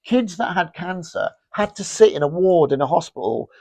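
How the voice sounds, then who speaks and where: Gravelly man telling stories. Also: high voice, normal speed, no room sound. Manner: rambling, animated anecdotes with many restarts. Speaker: fashion brand founder, guest. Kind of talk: casual interview storytelling.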